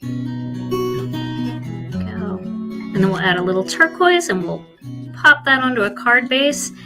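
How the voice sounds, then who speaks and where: A woman's voice: fairly high pitch, very animated, unhurried, music in the background. A woman with a Philadelphia accent hosting a live card-making demonstration, chatty and self-deprecating as she colors. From Philadelphia, USA.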